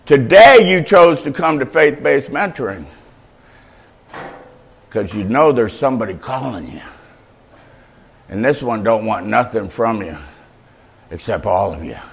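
A man giving an informal sermon as a faith-based mentor, mixing street slang with scripture read out slowly and loudly. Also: medium pitch, gravelly, low-quality recording. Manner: animated, conversational preaching with street slang.

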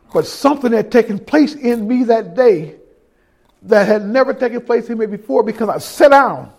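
Man, middle-aged, high voice, sermon testimony, storytelling, hushed to loud. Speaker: preacher giving testimony.

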